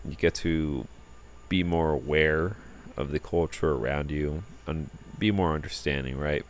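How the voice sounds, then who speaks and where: A tired young man rambling casually about his trip in a relaxed vlog. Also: extremely low pitch, a little slow, a little hiss or hum. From United States. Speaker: vlogger.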